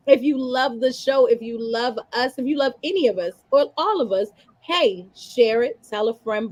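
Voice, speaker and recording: Based in Baltimore, this female comedian hosts a spirited video-call podcast chat, repeatedly hyping up her listeners with call-outs. She speaks with a fairly high voice.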